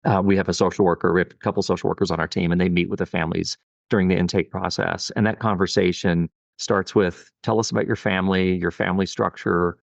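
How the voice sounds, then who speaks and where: Low and creaky, this man's voice keeps a level tone at a quick pace, recorded with no echo but muffled. A middle-aged pediatric endocrinologist, he reflects earnestly in a podcast interview, leaning on lots of "you know" fillers.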